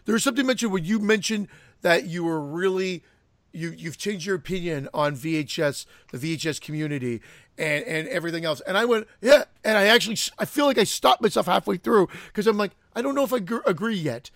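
A man's voice: high-pitched, fairly quick, a bit bright, no echo, studio quality. A man in a casual podcast chat, ranting in heated, profane bursts.

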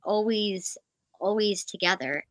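A woman co-hosting a casual fan chat show from home, excitable and rambling as she jumps between thoughts. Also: medium pitch, unhurried, no echo. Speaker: podcast co-host.

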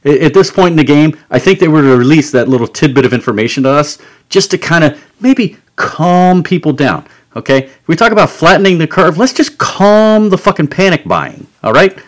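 In his home studio, a podcast host launches into a profane comedic rant, angry, sarcastic and full of swearing. His voice is fairly high and expressive, moving a little fast.

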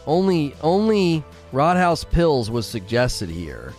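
This game streamer talks to his chat in a giggly, rambling way, filling his speech with fillers and restarts and laughing often at his own jokes. His fairly high voice is sing-song, slow and darkish, over faint background music.

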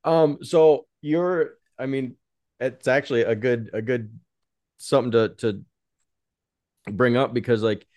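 A man's voice: mid-range voice, unhurried, pauses often, darkish tone, dry recording, muffled recording. A man hosting a podcast, chatting casually and laughing often with his guest. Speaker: podcast host. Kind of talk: casual interview chat.

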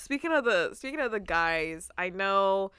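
A woman's voice: mid-range voice, expressive, moderate pace, sharp tone, smooth, dry recording, studio quality. A young woman co-hosting a podcast in casual chat, rambling with lots of fillers and frequent laughs. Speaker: podcast co-host.

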